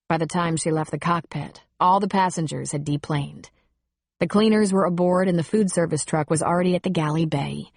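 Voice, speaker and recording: A woman with a lowish voice narrates an audiobook in a steady, wry way. She sits close to the microphone, and the recording is completely dry. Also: brisk, vocal fry, breathy edge, dry recording.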